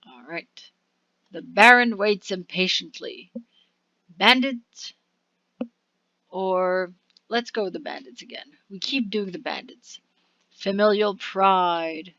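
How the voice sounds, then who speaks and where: A woman hosting a let's play, reading the game's text aloud slowly and muttering asides about her choices. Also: mid-range voice, sharp tone, no echo, lo-fi sound. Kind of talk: game commentary reading on-screen text aloud.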